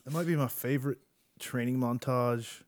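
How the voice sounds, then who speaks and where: A man's voice: mid-range voice, fairly even intonation, moderate pace. A man in casual chat, teasing the others with dry jokes.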